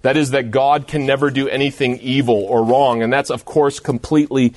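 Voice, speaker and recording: A man's voice: medium pitch, little pitch movement, brisk, dry recording. A man delivers a sermon in a mid-range voice. He is earnest and emphatic, stressing his points through repetition. The recording is dry and close. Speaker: pastor.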